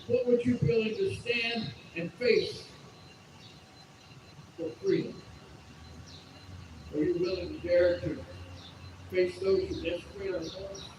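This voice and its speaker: A man's voice: high voice, steady tone, measured pace, long pauses. Solemn male orator echoing from afar. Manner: solemn oratory with rhetorical questions. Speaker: speaker at a commemorative rally. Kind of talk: outdoor speech. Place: outdoors at a state house grounds. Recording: echoey PA sound from a distance, outdoor noise.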